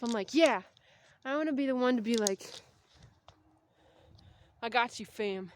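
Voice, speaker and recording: A woman's voice: a little high, a little slow, a little hiss or hum. A woman in her thirties rambling casually in a vlog, slightly out of breath as she walks outdoors. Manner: chatty, rambling, tangents. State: out of breath from walking. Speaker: vlogger. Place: outdoors, walking on a street.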